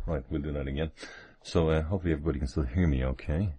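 Husky, very deep-voiced man. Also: very fast, mellow. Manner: rambling, chatty, chuckles often. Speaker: livestream host. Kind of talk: casual livestream talk. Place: home, near the kitchen.

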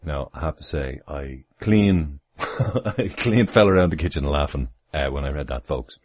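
A man hosts a casual livestream from home. His voice sits extremely low, with a husky, breathy edge. He rambles through asides and chuckles often as he talks. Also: lively intonation, a little slow, a little mellow. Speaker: livestream host. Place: home, near the kitchen.

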